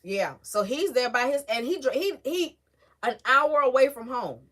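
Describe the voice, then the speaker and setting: This woman hosts a casual livestream, calling out viewers by name and talking with feeling. Her voice is high and fairly bright, with lively intonation and a moderate pace.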